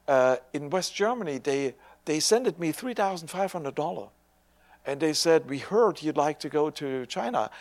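A man's voice: on the high side, dry recording. An older man preaching a sermon as a personal story. He talks conversationally, with hesitant restarts, and acts out the dialogue he retells.

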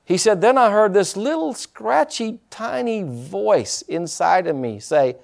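A pastor delivering a sermon, preaching emphatically and breaking into dramatic shouts. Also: male voice, sits high, animated, measured pace, creaky, hardly any pauses.

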